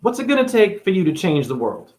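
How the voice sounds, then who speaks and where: A man from New England delivers a rambling, profane monologue to camera. His voice sits a little high for a man. He is sarcastic throughout, jumping from loud outbursts to near-whispered asides. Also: wildly swooping pitch, a little fast. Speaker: spiritual video host.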